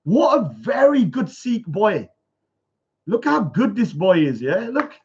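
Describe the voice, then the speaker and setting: A man's voice: high-pitched, very animated, slow pace, slightly rough, highs cut off. A man ranting on a livestream, reading out comments and rebutting them with indignation. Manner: indignant, reads comments aloud then rebuts. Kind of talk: casual livestream rant.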